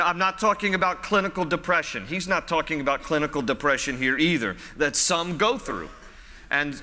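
A male pastor delivers a sermon in a friendly, conversational manner, circling back to repeat his points. His voice is bright and slightly high. It carries a long reverb, as if it were filling a church sanctuary. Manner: conversational, repeats phrases for emphasis.

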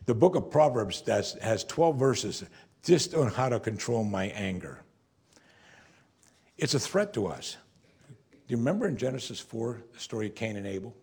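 A man's voice: lowish voice, creaky, darkish tone, husky. A man preaching an earnest sermon, raising and dropping his voice for emphasis. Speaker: pastor.

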